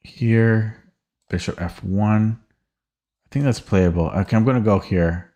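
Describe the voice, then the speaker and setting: A man's voice: fairly low pitch, measured pace, warm tone. A man streaming a chess game, thinking aloud hesitantly and often stammering or repeating words. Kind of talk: live-stream chess commentary.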